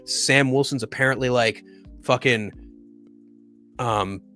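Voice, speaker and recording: A man's voice: medium pitch, slow, soft background music. A man hosting a solo live stream, chatting casually and profanely about a film and reading viewer comments. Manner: profane, ranting, rises into loud exasperation.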